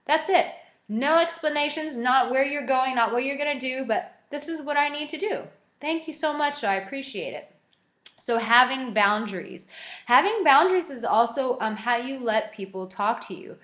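An animated young woman gives a motivational self-help talk straight to camera. Her voice sits a little high, and she slips into little acted-out dialogues to make her points. The sound carries a noticeable room echo. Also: normal speed. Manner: animated, acts out quoted dialogue.

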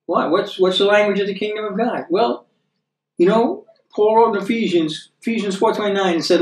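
A man with an American accent teaches from the Bible in a relaxed, conversational way, checking in with his listeners as he goes and slowing down when he reads scripture. His voice sits a little high for a man. He sounds set back from the mic in an echoey room. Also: far from the mic. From United States. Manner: chatty, checks in with tag questions like "okay?" and "right?".

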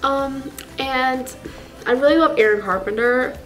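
A young woman acting out a clueless teenage fangirl who rambles breathlessly about her crushes, gasping and gushing at every turn. Her voice sits a little high, and faint music plays underneath. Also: a little slow, a bit bright, rough recording. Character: gushing, clueless teenage girl fake fan. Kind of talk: comedy sketch character.

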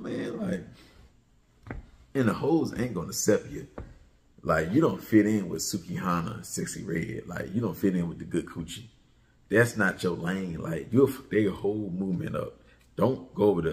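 A man's voice: fairly low pitch, lively intonation, moderate pace, a little mellow. Male commentary host, heated and mocking, delivers a repetitive profane rant.

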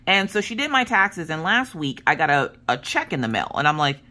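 Lively woman in her thirties, crisp bright tone, pitch all over the place, casual vlog storytelling. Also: fairly quick. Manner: animated, chatty, acts out voices of others in her stories. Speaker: craft vlogger.

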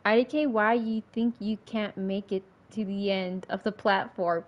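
A woman livestreaming a game with casual commentary, excitable, swearing often and breaking into laughs and panicky outbursts. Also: mid-range voice, moderate pace, few pauses.

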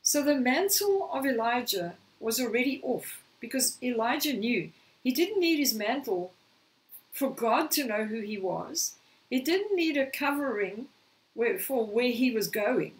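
A woman preaching a sermon, slightly hoarse, telling a scripture story and acting out the quoted lines. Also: on the high side, lively intonation, a little slow, distant mic, poor audio. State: slightly hoarse, clearing throat.

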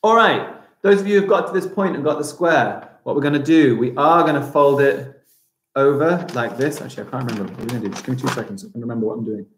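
A man's voice: medium pitch, fast talker. A man teaching a live-streamed primary school craft lesson, chatting as he narrates each step aloud. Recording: roomy echo.

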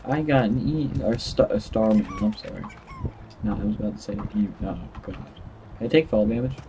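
A man's voice: on the low side, normal speed, warm tone, slight background noise, rough recording. A young man hosting a casual gameplay video, laughing often and stumbling over his words. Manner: giggly, stammering, playful. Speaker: gaming channel host.

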